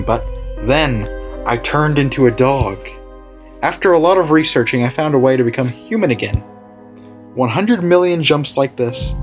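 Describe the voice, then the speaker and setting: A man's voice: medium pitch, natural voice. A man reading as a weary old dog. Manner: tired, matter-of-fact. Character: weary old male dog, once human.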